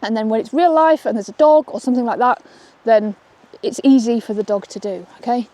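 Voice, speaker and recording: Upbeat female dog trainer, slightly high voice, filmed outdoors on a walk. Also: fairly quick, mellow. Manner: chatty, upbeat, keeps asking "okay?". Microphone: camera she holds while walking.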